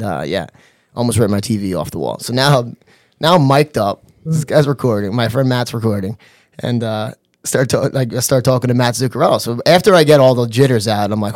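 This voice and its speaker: A man telling a funny story in casual chat, animated and laughing often, with lots of "you know" and "bro". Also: mid-range voice, dry recording, clean studio sound. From New York area. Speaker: podcast guest.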